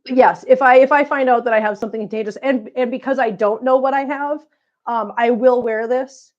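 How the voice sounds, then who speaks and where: Sick middle-aged lady rambling to her chat, a bit hoarse, dull lo-fi sound. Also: a little high, steady tone, brisk. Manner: chatty, rambling, warm greetings to viewers. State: sick, coughing. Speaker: vlog host reading live chat. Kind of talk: casual live-stream chat.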